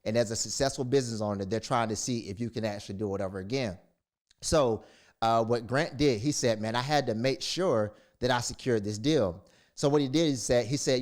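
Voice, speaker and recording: A man's voice: medium pitch, normal speed, a little mellow. A man speaking to camera as a motivational speaker, retelling a story in a casual, rambling way with many fillers and restarts. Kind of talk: casual monologue.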